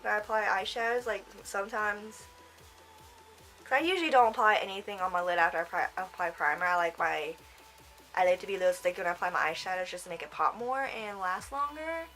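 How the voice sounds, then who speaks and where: A woman's voice: medium pitch, fast, fairly bright tone, soft background music, rough recording. Chatty young woman, makeup tutorial. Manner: rambling, chatty, trails off with self-talk; giggly. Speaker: makeup vlogger.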